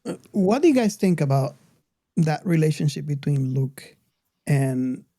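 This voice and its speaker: A man's voice: fairly high pitch, lively intonation, measured pace, warm tone, dry recording, clean studio sound. A man in casual podcast chat, speaking hesitantly with many fillers. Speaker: podcast co-host.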